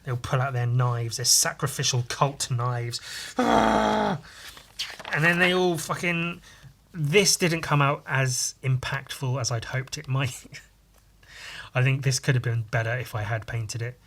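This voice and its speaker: A comic artist talks through his pages in a loose, rambling way, full of enthusiasm and casual swearing. His voice is bright and forward, at an average pitch for a man. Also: unhurried. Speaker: comic artist and podcast host. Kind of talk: casual chat about his own artwork.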